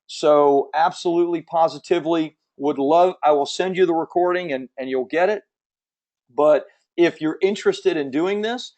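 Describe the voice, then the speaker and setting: A man hosting a live webinar, giving an emphatic, persuasive sales pitch and answering audience questions from the chat. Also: darkish tone. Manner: emphatic, persuasive salesman, repeats key points. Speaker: webinar host selling publishing services.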